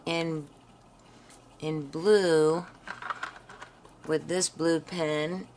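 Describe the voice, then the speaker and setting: A woman hosting a craft video, chatting to viewers while she swatches pens and dropping into soft half-whispered asides. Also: deep voice, extremely slow, pauses often, a little hiss or hum. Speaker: craft channel host. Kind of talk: casual swatching narration.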